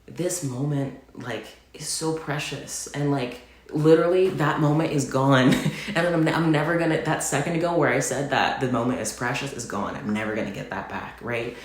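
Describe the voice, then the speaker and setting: A man in a confessional, casual vlog, speaking gently and heartfelt, rambling with many fillers. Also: medium pitch, moderate pace. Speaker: vlogger. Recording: very echoey room.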